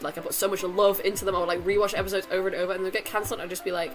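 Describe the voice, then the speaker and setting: A woman's voice: medium pitch, steady tone, rapid-fire, faint music behind, rough recording. A woman playing a mobile game, reading its dialogue aloud and adding chatty, rambling asides in a casual let's-play. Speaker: gamer.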